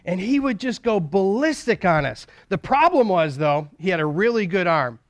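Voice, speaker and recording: A man's voice: high voice, sing-song, normal speed, hardly any pauses, no echo. A man preaching a sermon in a folksy storytelling way, acting out jokes and leading a prayer.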